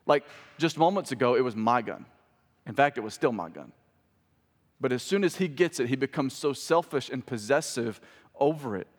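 A man's voice: mid-range voice, animated, normal speed. Male pastor, 30s, chatty sermon delivery that swells on key points, reverberant hall. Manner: conversational preaching, rising for emphasis.

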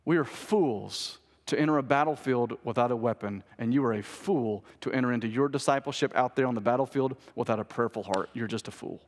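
A man's voice: medium pitch, fairly quick, hardly any pauses. Earnest preacher man in a reverberant hall. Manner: earnest preaching that repeats key phrases and swings between urgent and hushed delivery. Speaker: pastor. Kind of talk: sermon. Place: church sanctuary.

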